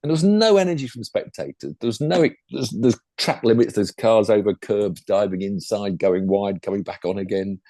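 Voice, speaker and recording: A man's voice: on the low side, moderate pace, hardly any pauses, mellow, no echo. An older man with a chatty, rambling manner, talking casually about motorsport as a podcast co-host. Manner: chatty, rambling, full of asides. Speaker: podcast co-host and former racing driver.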